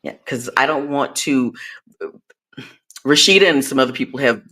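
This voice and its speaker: A woman's voice: normal speed, fairly bright tone. An older woman chatting casually in a live stream, telling a rambling story full of digressions and acted-out quotes. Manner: rambling, digressive, acts out quotes with rising pitch. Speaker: traveling pet sitter, guest.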